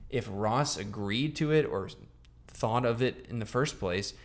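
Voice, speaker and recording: A man's voice: medium pitch, a little slow. A young man co-hosting a podcast, talking casually and rambling with lots of fillers and restarts. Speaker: podcast co-host. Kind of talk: casual chat.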